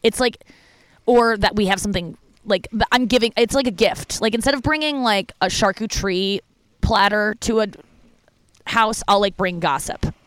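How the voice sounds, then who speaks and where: A woman's voice: normal speed, smooth, no room sound. A woman stand-up comedian tells a personal story in a loose, rambling monologue. She is frank and crude, and her sentences are full of "like" and restarts. Her voice leaps up animatedly whenever she quotes someone. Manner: candid, profane, heavy use of "like" fillers; animated when quoting people, with big pitch jumps.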